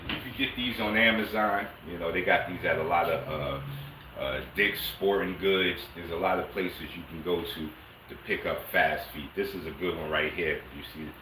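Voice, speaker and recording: A man's voice: low-pitched, normal speed, background noise. A man teaching a martial arts lesson on a livestream, talking casually and streetwise and coaxing viewers. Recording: echoey room, mic at a distance.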